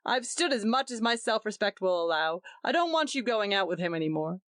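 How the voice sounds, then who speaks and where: A woman's voice: medium pitch, a little fast, no room sound, clean studio sound, natural voice. A woman doing a curt, stubborn husband. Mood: stern. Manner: short, steady, cold.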